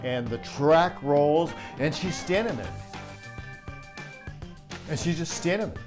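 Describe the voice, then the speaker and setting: A middle-aged sound crew chief tells a backstage story in a chatty, easygoing way, laughing as he goes. His voice sits a little high for a man, and faint music plays softly behind him. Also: lively intonation, slow. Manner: chatty, laughing, acts out quotes. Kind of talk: storytelling anecdote.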